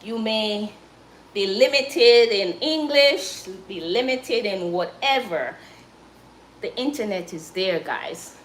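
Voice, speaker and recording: Jamaican woman, live-stream host, unhurried chatty talk, echoey room with faint background hum. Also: mid-range voice, expressive, a bit bright. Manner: chatty, encouraging, addresses viewers as guys. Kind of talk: casual live-stream chat while cooking.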